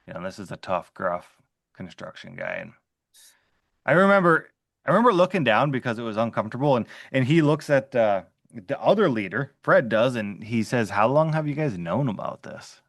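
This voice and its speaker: A former HR manager, interviewed as a guest, tells a workplace story conversationally, saying "like" constantly and restarting sentences. His medium-pitched voice is a bit bright with vocal fry and big pitch swings, and he talks briskly. The studio-quality recording is dry.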